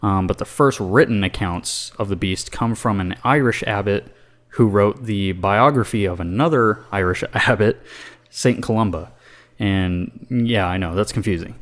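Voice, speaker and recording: A man's voice: lowish voice, measured pace. A man co-hosting a casual podcast, rambling with lots of fillers and swearing. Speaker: podcast co-host.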